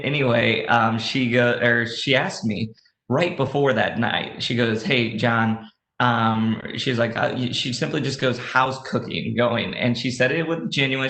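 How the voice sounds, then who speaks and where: A man's voice: mid-range voice, fairly bright tone. A man giving a conversational keynote talk, telling a personal story with many fillers and restarts. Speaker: conference speaker. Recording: roomy echo.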